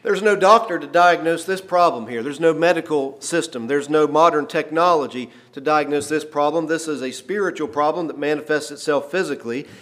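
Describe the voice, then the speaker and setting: A middle-aged male pastor with a slightly raised voice delivers a sermon. He drops into soft, low storytelling, then slows down and swells loudly to stress each verse he quotes.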